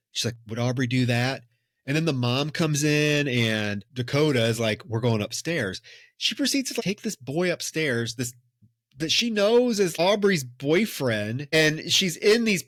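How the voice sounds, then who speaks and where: A man co-hosting a podcast, recapping a film plot as an expressive storyteller who acts out the characters' lines. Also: mid-range voice, dry recording, studio quality. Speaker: podcast co-host.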